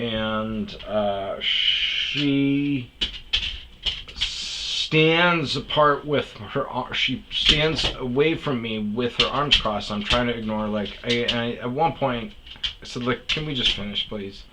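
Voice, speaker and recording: A man's voice: mid-range voice, takes it slowly, very noisy. A man hosting a podcast, telling a story in a profane, heated rant that keeps restarting its sentences. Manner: swears often, restarts sentences, gets heated. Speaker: podcast host.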